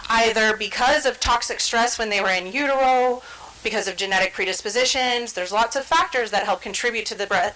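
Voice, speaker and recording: A woman's voice: a little high, bright, forceful tone, rough recording. A woman giving an educational talk, explaining ideas conversationally and acting out everyday scenes with quoted inner voices. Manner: conversational, checks in with "right?". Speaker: trainer presenting on stress and the brain.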